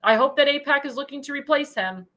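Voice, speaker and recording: Woman, commentary host, high bright voice, indignant and emphatic, repeats lines. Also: quick pace. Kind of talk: political commentary show monologue.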